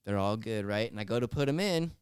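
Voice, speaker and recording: A man's voice: on the low side, animated, quick pace, clear, resonant tone, dry recording, studio quality. A laid-back man on a podcast telling a story and swearing freely. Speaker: podcast co-host. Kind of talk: casual chat, storytelling.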